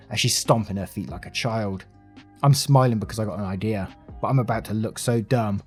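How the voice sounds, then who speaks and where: A man reading reddit stories aloud in a steady, matter-of-fact way, as the channel's narrator. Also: fairly low pitch, a little fast, husky, soft background music.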